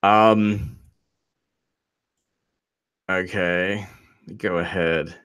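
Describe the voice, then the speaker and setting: A man in his forties hosting casual political commentary, animated and quick to laugh, reading quotes aloud in a mocking tone. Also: sits low, smooth. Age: 40s. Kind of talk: casual live-stream commentary.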